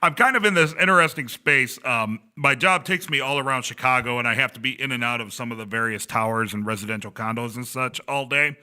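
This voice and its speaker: A man's voice: medium pitch, fairly quick, hardly any pauses, pushed and bright. A man in his thirties, a podcast host telling a rambling story and laughing often, speaking from a glass conference room. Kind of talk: casual chat.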